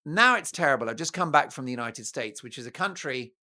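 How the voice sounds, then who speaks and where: A man hosting his own talk show, talking straight to his viewers in a jokey, animated monologue. His pitch swings widely as he riffs, teases and drifts into playful asides. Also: brisk. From United Kingdom. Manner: playful, jokey, breaks into mock Italian and snatches of song.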